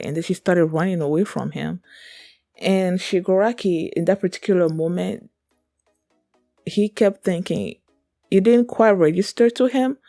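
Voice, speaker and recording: A woman's voice: lowish voice, dark tone, dry recording, studio quality. A woman hosting a reaction video, telling a personal story in an earnest, emotional, rambling way with many fillers. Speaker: reaction channel host.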